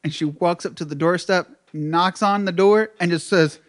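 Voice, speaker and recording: Fairly high-voiced man, profane storyteller. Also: normal speed. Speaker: podcast co-host. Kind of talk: casual chat.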